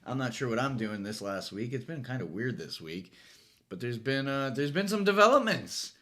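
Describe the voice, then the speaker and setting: A man's voice: medium pitch, big pitch swings, moderate pace, sharp tone. A man hosting a late-night comedy monologue, rambling and self-mocking, recorded on a phone. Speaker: host.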